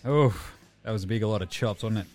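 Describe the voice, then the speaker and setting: A man's voice: fairly low pitch, a little mellow, soft background music. A man with an Australian accent hosting a sports podcast in a jokey, chatty way. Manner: jokey, fast and chatty with fillers. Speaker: podcast host. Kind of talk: casual sports podcast chat.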